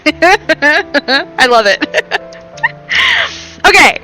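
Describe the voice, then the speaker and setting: Bubbly, bright-voiced woman streamer. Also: sits high, very animated, slow, long pauses, soft background music, low-quality recording. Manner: bubbly, giggly, self-deprecating. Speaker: live streamer. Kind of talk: casual live-stream chat to viewers.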